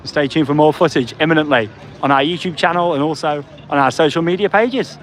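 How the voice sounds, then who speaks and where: A man hosting a live theme park stream outdoors, excited and emotional. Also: a little high, fairly quick, slight background noise. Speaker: theme park livestream host.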